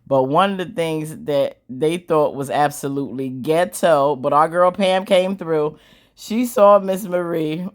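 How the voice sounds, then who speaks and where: A woman casually recapping a TV drama episode, animated and slangy, acting out the characters' lines. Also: low voice, measured pace. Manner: animated, slangy storytelling with squealing acted-out quotes and laughs. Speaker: show recap host.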